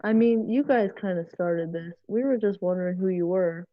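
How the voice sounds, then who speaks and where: A woman's voice: on the low side, moderate pace, lo-fi sound. A teenage girl playing her character in a tabletop game, blunt and casual. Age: teens. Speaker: player. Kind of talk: in-character play.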